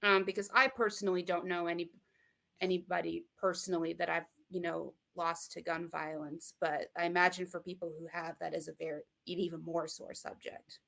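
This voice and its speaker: A woman's voice: fairly low pitch, flat delivery, a little fast, gravelly, a bit bright. A young American woman from Michigan with a Midwestern accent, speaking thoughtfully as an interview guest, with many fillers and restarts. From Michigan, USA. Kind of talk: casual interview talk.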